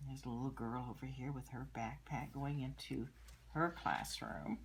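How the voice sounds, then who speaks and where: An older woman, a grandmother, reading a picture book aloud to children and gently explaining the pictures, with soft murmured asides. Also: very deep voice, fairly even intonation, moderate pace, vocal fry, a little hiss or hum. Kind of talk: storybook read-aloud with commentary.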